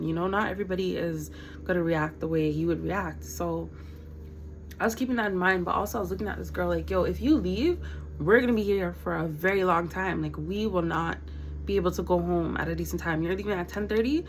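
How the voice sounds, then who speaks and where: A young woman in her twenties tells a casual storytime at home, blunt and lively. She swears freely and quotes the people she talks about. A faint hum sits behind her voice. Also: mid-range voice, rough recording. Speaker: vlogger.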